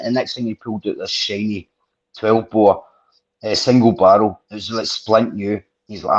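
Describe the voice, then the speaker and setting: Man, husky voice, rambling sweary anecdotes, dull lo-fi podcast sound. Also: on the low side, fairly even intonation, normal speed. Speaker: podcast host. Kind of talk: casual storytelling chat.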